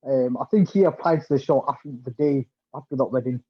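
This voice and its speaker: A man's voice: medium pitch, a little fast, slightly rough, muffled recording. A man guest in a casual interview, talking with many restarts and fillers. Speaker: podcast guest.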